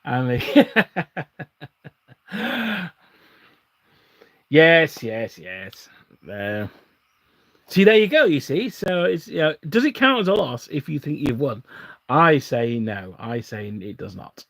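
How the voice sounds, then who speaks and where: A man's voice: fairly high pitch, big pitch swings, takes it slowly, long pauses, a bit bright, no room sound. A man from England hosting a live stream, chatting casually and rambling with frequent restarts and chuckles while he builds models at his desk. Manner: rambling, self-interrupting, chuckling often.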